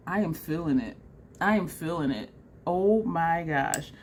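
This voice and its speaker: A woman vlogging a makeup tutorial in a chatty, excitable way, talking straight to her viewers. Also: deep voice, a little slow, slight background noise. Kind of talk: casual makeup tutorial chat.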